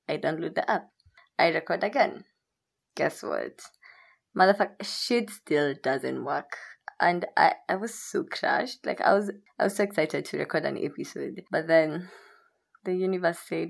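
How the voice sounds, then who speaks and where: A woman's voice: sits low, normal speed, gravelly. A young woman hosting her own podcast, chatting candidly and rambling, with frequent swearing. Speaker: podcast host. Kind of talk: casual solo podcast chat.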